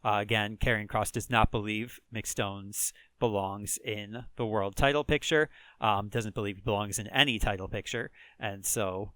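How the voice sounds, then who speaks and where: A man's voice: fairly low pitch, normal speed, hardly any pauses, fairly bright tone, no echo. A man with a Chicago accent casually recapping a wrestling video game as a let's play host, rambling with lots of fillers and chuckles.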